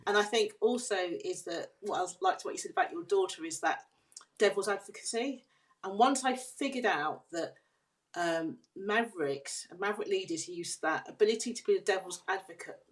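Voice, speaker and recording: A woman guest on a podcast interview, explaining her ideas on leadership in an earnest, measured way. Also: medium pitch. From United Kingdom.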